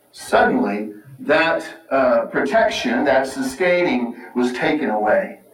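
A man preaching a sermon in an earnest, conversational teaching manner, often repeating words and asking rhetorical questions. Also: on the high side. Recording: echoey room, mic far off.

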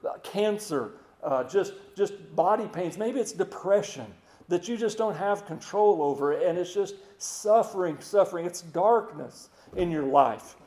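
A man preaching a sermon in a folksy way, repeating words and slowing down to hushed emphasis. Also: high-pitched, animated, echoey room.

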